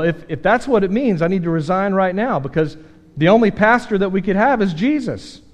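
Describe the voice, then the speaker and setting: A man preaching a sermon as pastor, earnest and emphatic, dropping from loud points to quiet self-deprecating asides. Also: high voice. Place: church sanctuary. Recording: long hall reverb.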